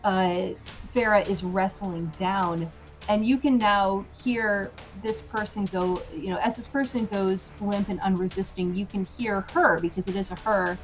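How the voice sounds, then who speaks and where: A woman's voice: medium pitch, steady tone, measured pace, soft background music. A woman acting as game master who narrates a tabletop game scene unhurriedly, with many fillers.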